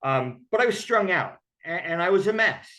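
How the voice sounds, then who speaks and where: A man's voice: sits high, expressive, moderate pace, pushed and bright. Man telling a candid recovery story. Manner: candid, conversational, acts out quoted voices. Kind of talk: personal storytelling.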